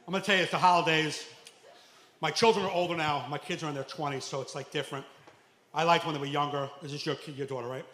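A stand-up comedian, telling stories loudly on a club stage, acting out quotes and shouting punchlines. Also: male voice, a little high, steady tone, fast talker. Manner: loud storytelling with acted quotes, shouting punchlines. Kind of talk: stand-up set. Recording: echoey club room, faint noise.

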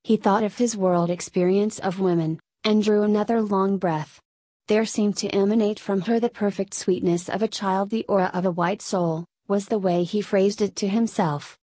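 Brief: female storyteller, measured read, mid pitch, dry close sound. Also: steady tone, mellow, no room sound. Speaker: narrator. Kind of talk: scripted narration.

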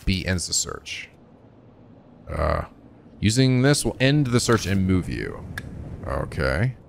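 Deep-voiced, animated let's play man. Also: slow pace, vocal fry, a little hiss or hum. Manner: animated, excitable reactions. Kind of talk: reading game text aloud and reacting.

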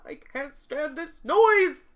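Lady reading as fussy old clock guy who hates noise, kinda gravelly, storybook voice. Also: medium pitch, unhurried, bright, forceful tone. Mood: fretful.

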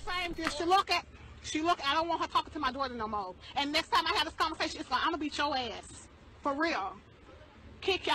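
A woman's voice: very high voice, bright, forceful tone, a little hiss or hum. An angry mother threatening another parent in a furious, profane rant. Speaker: angry mother in a viral video.

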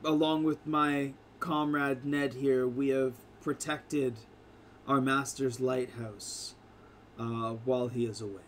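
A man's voice: medium pitch, steady tone, slow pace, fairly bright tone, a little hiss or hum. A man voicing a fussy, polite male frog-man familiar who keeps apologizing. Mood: courteous.

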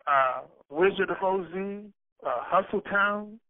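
High-voiced man telling a profane story. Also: a little slow, dry recording. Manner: loose, profane storytelling with stammered restarts. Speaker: rapper being interviewed. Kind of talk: casual storytelling interview. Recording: dry, tinny phone-like sound.

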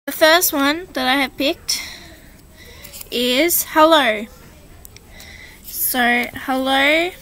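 A woman's voice: high-pitched, drawn-out words, long pauses, sharp tone. A young woman with an Australian accent, chatting casually to camera in a rambling, giggly way with many fillers. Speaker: vlogger. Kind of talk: casual vlog chat. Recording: faint background noise.

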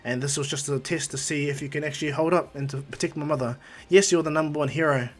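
A man's voice: a little high, fairly even intonation, fast talker, close to an everyday voice. A man voicing a cocky, overpowered teenage boy hero in a casually told fan story. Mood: confident. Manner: casual, offhand.

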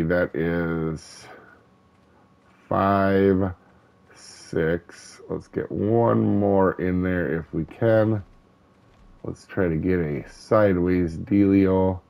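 A man hosting a gaming channel, chatting casually over gameplay in a relaxed, rambling way with many ums and uhs. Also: low-pitched, lo-fi sound. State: hiccups. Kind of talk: casual let's-play commentary.

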